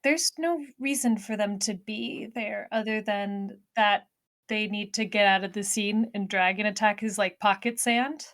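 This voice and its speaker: Woman, podcast co-host, casual book chat, lively delivery. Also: medium pitch. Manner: animated, acts out characters in quick asides.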